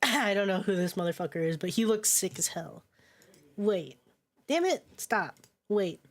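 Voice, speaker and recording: A woman's voice: mid-range voice, expressive, measured pace. A woman streaming a narrative game, reading its text aloud and reacting with chatty commentary, laughing often and swearing casually.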